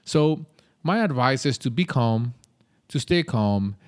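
A man's voice: mid-range voice, lively intonation, slow pace. A man hosting a podcast, giving casual advice in a blunt, conversational way with some mild swearing. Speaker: podcast host.

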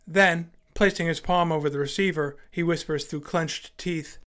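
A man's voice: on the high side, fairly even intonation, moderate pace, fairly bright tone. A man telling a first-person story with acted dialogue in a dry, wry, articulate way, and hosting his podcast.

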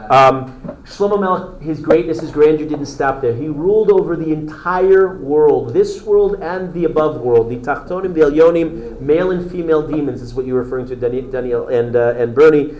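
A man's voice: a little high, moderate pace, darkish tone, dull audio. Enthusiastic male teacher in echoey classroom. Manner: enthusiastic storytelling, answers student interruptions. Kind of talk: classroom lecture.

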